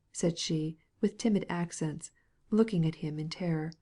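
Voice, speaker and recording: A woman narrating an audiobook of a classic novel in a calm, measured reading. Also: low voice, slightly rough.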